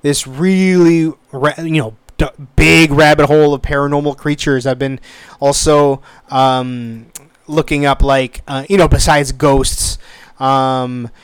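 A man in his thirties tells a story casually and with animation, swearing as he goes. His voice sits a little high and sounds smooth and resonant. The recording is dry and close, with no room sound. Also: unhurried, no room sound. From United States. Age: 30s. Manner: animated, swears freely, acts out quoted voices.

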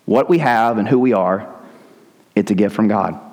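A man's voice: on the low side, moderate pace, darkish tone. A man preaching a sermon as pastor, conversational and with joking asides. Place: church sanctuary. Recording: long hall reverb.

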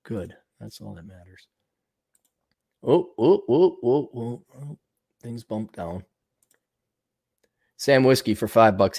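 A man's voice: medium pitch, animated, gravelly, darkish tone, husky. A man hosting a livestream, reading viewer donations and ranting bluntly with plenty of profanity, fillers and restarts. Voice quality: fast, loose delivery with many fillers and restarts. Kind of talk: casual livestream rant.

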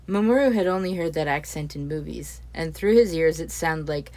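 A woman reading a story aloud as its narrator, steady and expressive. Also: deep voice, normal speed, few pauses. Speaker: audiobook narrator.

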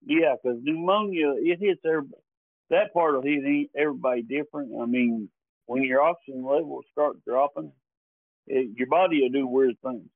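A man's voice: mid-range voice, moderate pace, dry recording. A man with an East Tennessee accent, co-hosting a podcast in an easygoing, joking way. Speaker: podcast co-host. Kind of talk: casual race recap commentary. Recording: thin phone-like line.

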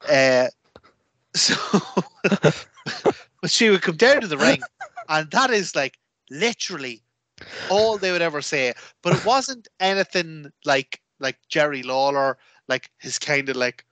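A man co-hosting a casual podcast, telling stories with lots of energy and acting out the voices in them. His voice sits a little high and sounds bright and forceful, recorded dry and close. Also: slow pace, no room sound. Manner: animated storyteller who acts out quotes. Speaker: podcast co-host. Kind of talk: casual chat.

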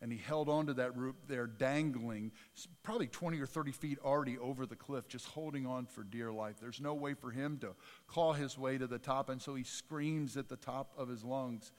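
A man's voice: medium pitch, moderate pace. A man preaching a sermon as pastor, talking conversationally with repetitions and climbing to emphatic peaks. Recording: church hall with long reverb.

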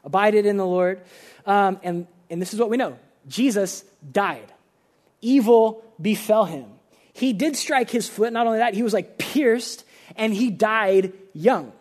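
A man's voice: sits high, a little slow. A young man giving a casual, conversational sermon as a pastor, earnest and full of filler words.

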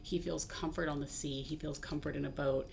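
A fairly low, gravelly-voiced woman from the American South co-hosts a podcast, talking in halting, wry bursts padded with ums. A faint rumble runs under the recording. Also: fairly even intonation, darkish tone. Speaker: podcast co-host. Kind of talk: casual chat.

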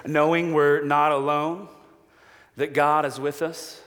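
A man preaching a sermon as a pastor, measured and slow with long pauses, falling to a hushed voice for quoted promises. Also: fairly high pitch. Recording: long hall reverb.

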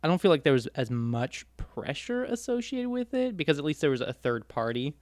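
A man's voice: a little high, big pitch swings, brisk, no room sound. A man as a podcast guest in casual chat, joking dryly at his own expense. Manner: dry, self-mocking jokes.

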